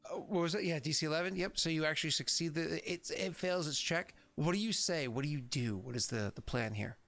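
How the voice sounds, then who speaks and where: A man's voice: a little high, fairly quick, creaky, a bit bright. A young man acting as game master in a tabletop game, chatty and jokey, laughing at his own bits. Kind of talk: running a tabletop game over stream.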